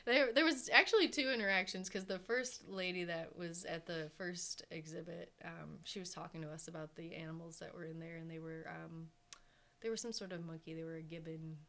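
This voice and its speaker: A woman's voice: on the low side, brisk, gravelly, pushed and bright. A woman co-hosting a podcast, telling a story in casual chat with a lot of filler words. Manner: chatty, lots of "like" and "um" fillers. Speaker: podcast co-host.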